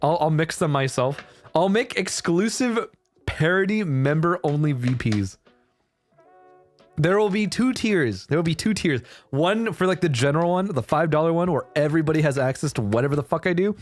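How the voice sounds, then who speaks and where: A young man chats casually on a livestream with a lively, swooping pitch. He laughs often and swears without a second thought. Quiet music sits faintly behind him. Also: moderate pace. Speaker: streamer.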